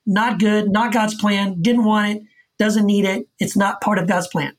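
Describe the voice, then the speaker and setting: An author guest speaking in relaxed conversation. He talks earnestly and emphatically, circling back and repeating words to hammer his point home. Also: sits high, unhurried. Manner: earnest, repetitive emphatic explaining. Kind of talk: casual conversational interview. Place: Texas.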